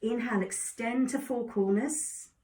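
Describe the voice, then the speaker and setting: Calm woman guiding yoga, echoey room. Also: a little high, a little slow. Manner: calm, encouraging cues. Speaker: yoga instructor. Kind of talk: guided exercise instruction. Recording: echoey room, distant mic.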